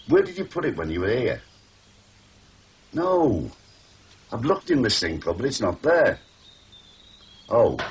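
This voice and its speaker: A man's voice: on the low side, breathy edge, exaggerated voice. An actor playing a grumpy older man, muttering at a machine he can't work. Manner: grumbling, exasperated muttering. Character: grumpy old man fighting a washing machine. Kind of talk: 1980s TV soap acting.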